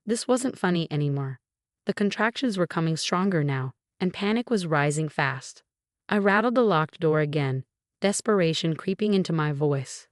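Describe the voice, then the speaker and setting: A woman with a lower voice telling a dramatic first-person story with emotional emphasis. The sound is close and dry, like a studio voice-over. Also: animated, normal speed, no room sound. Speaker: story narrator.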